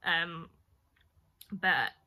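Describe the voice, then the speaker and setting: A woman's voice: on the low side, extremely slow, sharp tone. A young woman, casually telling a story-time vlog, chatty and rambling with lots of fillers. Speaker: vlogger.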